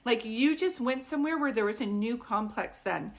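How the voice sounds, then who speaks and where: A woman acting as a psychic medium leads a live online group reading, talking loosely and chattily with plenty of "like" and quick asides. She often pauses to check whether what she's saying makes sense. Her voice is a little high and expressive, with vocal fry.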